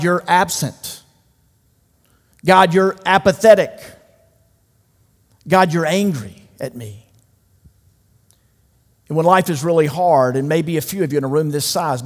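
A man preaching a sermon to a large room, emphatic and swinging from loud declarations to hushed asides. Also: on the high side. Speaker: pastor. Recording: long hall reverb.

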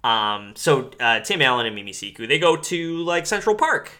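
A man recaps a movie on a podcast in a loose, profane way. His voice is bright and lively, and his pitch rises and falls constantly. He keeps dropping into silly impressions of the characters. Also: moderate pace. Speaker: podcast co-host. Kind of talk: casual chat recapping a movie.

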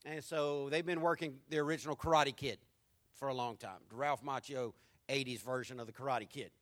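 A middle-aged man preaching a sermon, emphatic and repeating his key phrases, swinging between loud stresses and hushed lines. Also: medium pitch, steady tone, a little fast. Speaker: pastor.

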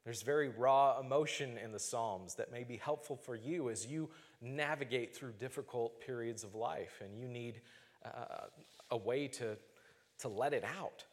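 A man preaching a sermon as pastor, earnest and measured, slowing down to stress key phrases. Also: medium pitch, in a large hall.

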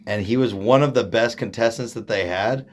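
A man's voice: fairly low pitch, normal speed, slight background noise. Rambling, joking podcast co-host man. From Oregon. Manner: rambling, joking, trails off mid-sentence. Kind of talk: casual chat.

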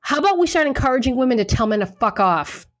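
A woman's voice: high voice, sing-song, fast, dry recording, clean studio sound. A woman co-hosting a casual talk show, blunt and emphatic, swearing freely as she gives her opinions. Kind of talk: casual chat.

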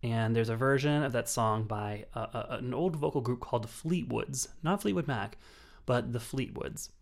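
A man's voice: mid-range voice, moderate pace, vocal fry. A man co-hosting a film podcast, talking about movies with enthusiasm and frequent restarts. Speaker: podcast co-host. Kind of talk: casual film review chat.

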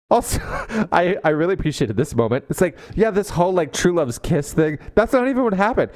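Lively, jokey man podcast co-host. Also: high voice, a little fast, no room sound. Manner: lively, jokey, acts out characters' lines. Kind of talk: casual book chat.

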